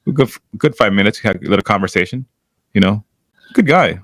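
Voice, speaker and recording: A man's voice: lowish voice, fast talker, no echo. A man from Chicago co-hosting a podcast, telling stories in casual banter and acting out what people said. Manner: animated storyteller, acts out quotes, laughs a lot. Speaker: podcast co-host.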